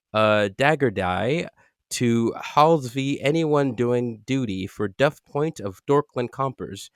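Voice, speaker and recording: Slow, halting man cold-reading aloud. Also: mid-range voice, fairly bright tone, clear, resonant tone, dry recording, studio quality. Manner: halting, stumbles over words, chuckles at the text. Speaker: podcast host reading aloud. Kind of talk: unrehearsed cold reading of a literary text.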